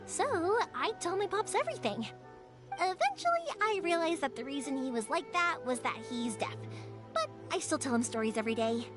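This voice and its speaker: A young woman voicing a lively, upbeat fireworks maker's daughter who chats warmly and animatedly, in game voice acting. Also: high voice, a little fast. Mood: affectionate. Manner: bright, chatty and animated. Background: game music.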